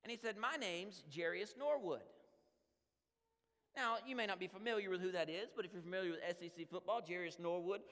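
A middle-aged man preaching a conversational sermon as a pastor, telling stories with animated energy and many asides. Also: high-pitched, racing, hardly any pauses. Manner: animated storytelling with frequent "man" and restarts. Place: church sanctuary. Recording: long hall reverb in a church.

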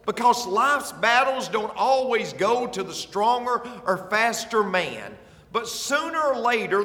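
A man preaching as a pastor, lively and emphatic, with stammered restarts and little chuckles. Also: high-pitched, distant mic. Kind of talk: sermon. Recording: echoey hall with long reverb.

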